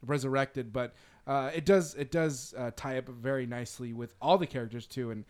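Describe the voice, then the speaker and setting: Relaxed man moderating a podcast. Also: mid-range voice, fairly quick, clean tone. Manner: relaxed, brief moderator cues. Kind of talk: casual chat.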